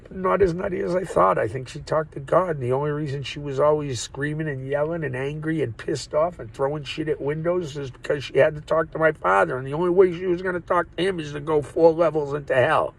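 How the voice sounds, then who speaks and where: A man with a slightly high, creaky voice talks fairly quickly and with few pauses into his phone mic. His vlog monologue is profane, jokey, and constantly wandering, and the audio quality is poor.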